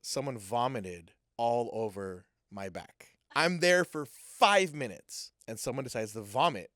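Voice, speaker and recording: A man telling a personal story in a casual, animated way, acting out what people said. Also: medium pitch, unhurried, no room sound, studio quality. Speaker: guest sharing a personal testimony.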